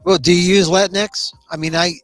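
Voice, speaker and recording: A man's voice: high-pitched, normal speed, no echo, faint music behind. An older man hosting a talk show, chatting casually and playfully toying with words. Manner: animated, playful with wordplay. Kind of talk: casual conversation.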